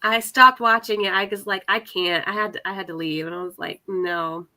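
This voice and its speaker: A woman's voice: medium pitch, fast, bright, forceful tone. A young adult woman chatting casually with friends on a call, full of fillers and laughter. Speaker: readathon participant. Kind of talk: casual video-call chat.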